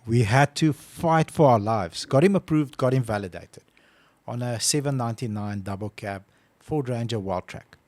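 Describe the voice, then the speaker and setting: A man's voice: medium pitch, moderate pace, a little mellow, dry recording. A man co-hosting a casual podcast who tells stories with animation and acts out his phone calls. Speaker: podcast co-host. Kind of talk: casual chat.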